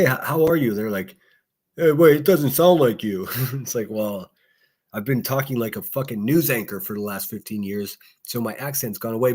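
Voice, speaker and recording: Husky-voiced man chatting casually on a livestream. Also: medium pitch. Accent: faint Pittsburgh. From Pittsburgh. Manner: profane, rambling, chatty with frequent fillers. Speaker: livestream host. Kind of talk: casual solo livestream commentary.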